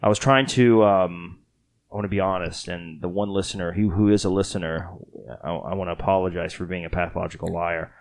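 A man's voice: deep voice, steady tone, a little fast. A man from Texas hosting a podcast in casual chat, rambling and joking at his own expense, tired after a late night. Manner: rambling, joking, self-mocking. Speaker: podcast host.

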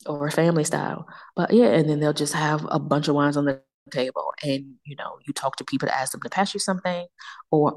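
A woman with a notably low voice chats on a podcast. She is animated and slangy, and she acts out quoted people as she tells her stories. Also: a little fast. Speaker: wine tour guest. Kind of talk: casual podcast chat.

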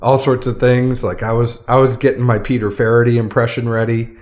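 A man's voice: medium pitch, level tone, brisk, a little mellow. A man hosting a casual podcast from a friend's home, upbeat and chatty, laughing often into a studio mic. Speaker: podcast host. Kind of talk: casual chat. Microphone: studio microphone.

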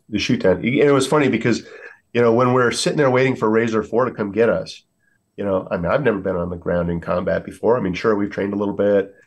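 Low-voiced American veteran telling war stories. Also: male voice. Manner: earnest, many fillers, acts out quotes. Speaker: guest, military veteran. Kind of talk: storytelling in a podcast interview.

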